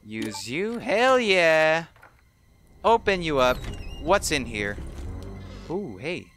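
An excitable man giving casual, jokey commentary while playing a video game. His voice is bright and swings widely in pitch, with faint music behind him. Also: slow pace. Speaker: let's play gamer.

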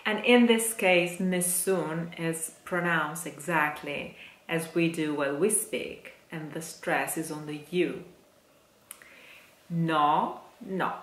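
A woman with an Italian accent teaches singers diction, sounding out each syllable slowly and carefully. Her voice sits a little low. The room around her is echoey. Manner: demonstrates phrases slowly, syllable by syllable. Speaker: singing teacher. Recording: roomy echo.

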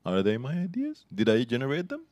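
A man's voice: medium pitch, wildly swooping pitch, brisk, darkish tone, no room sound. A man on a panel thinking aloud in a reflective discussion, full of "you know, like".

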